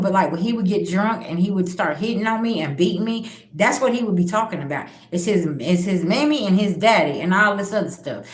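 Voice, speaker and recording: Fairly quick and barely pausing, her mid-range voice bounces with lively intonation as she tells personal stories on her spiritual channel. She addresses viewers directly, candid and heavily profane, in a room with noticeable echo.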